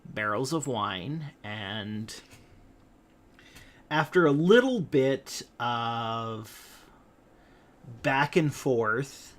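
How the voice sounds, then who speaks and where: A man game master narrating with a slow, deliberate pace, middling pitch, hesitant pauses and fillers as he lays out the scene. He keeps an even, patient storytelling rhythm.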